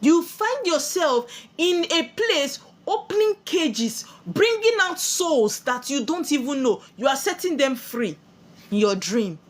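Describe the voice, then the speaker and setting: A woman's voice: high-pitched, sing-song, a little slow. A woman with a Nigerian accent giving a spiritual sermon, preachy and full of rhetorical questions she answers herself. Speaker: spiritual teacher.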